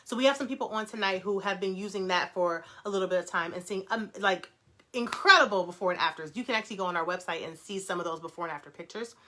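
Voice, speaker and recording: A young woman hosting a casual livestream, reading viewer comments aloud and answering them in a fast, animated way with frequent laughter. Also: mid-range voice. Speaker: brand founder hosting a live Q&A.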